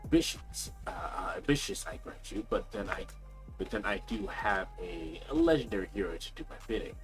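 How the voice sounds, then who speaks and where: Dude doing a pompous show-off young lord, theatrical, lowish voice. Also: male voice, very animated, a little fast, music in the background. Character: vain, boastful young nobleman, second son.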